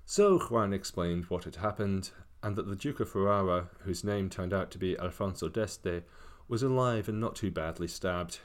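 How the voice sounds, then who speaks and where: A man's voice: low voice, normal speed. A man narrating a comic story with wry, casual asides.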